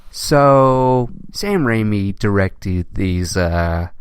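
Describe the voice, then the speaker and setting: A man hosting a casual movie news podcast, talking in an animated way, laughing often and repeating himself. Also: on the low side, drawn-out words, a little hiss or hum. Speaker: podcast host.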